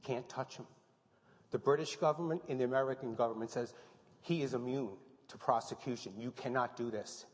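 A pastor giving a sermon, telling a story with lively, halting restarts. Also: male voice, mid-range voice. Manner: animated storytelling with many restarts. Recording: long hall reverb.

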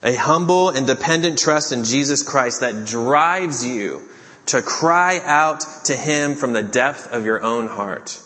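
A man's voice: mid-range voice, lively intonation, slow, pushed and bright. A man preaching an earnest sermon as pastor, reading and explaining scripture. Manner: earnest preaching, acts out the disciples' pleas. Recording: long hall reverb.

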